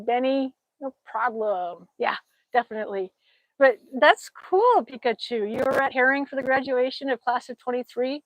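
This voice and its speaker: A woman's voice: fairly high pitch, no room sound, low-quality recording. Chatty woman on a dry outdoor stream. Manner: chatty, reads viewer comments aloud and thanks them, laughs often. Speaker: livestream host. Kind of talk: casual livestream chat.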